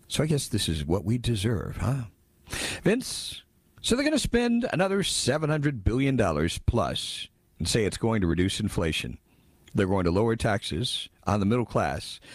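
A male radio host talks with a low, lively voice, jumping between sarcasm and mock surprise as he reads listener texts. He chuckles at his own jabs. The studio sound is close and dry. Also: husky, no echo. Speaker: radio talk show host. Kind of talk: casual talk radio commentary. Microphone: studio microphone.

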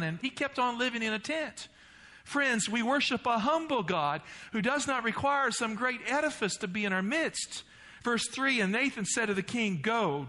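A man with a high, bright voice preaches a sermon as a pastor. He reads scripture and explains it earnestly. The voice has a long hall reverb, as in a church sanctuary.

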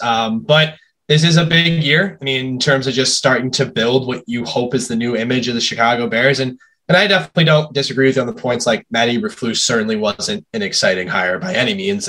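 A man co-hosting a sports podcast over a video call, giving his opinions in a relaxed conversational way. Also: medium pitch. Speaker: podcast co-host. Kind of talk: casual sports podcast chat.

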